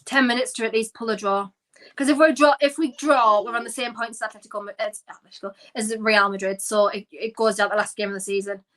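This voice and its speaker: A woman's voice: a little high, fairly even intonation, fast, fairly bright tone. A woman hosting a live football watchalong, ranting in exasperation with frequent sighs as she reacts to the match.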